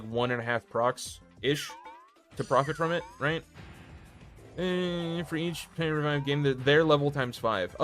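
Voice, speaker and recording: Guy calling a board video game live on stream, quick play-by-play, jokes about himself, faint music under it. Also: medium pitch, a bit bright. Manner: quick play-by-play, self-deprecating asides. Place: home streaming setup.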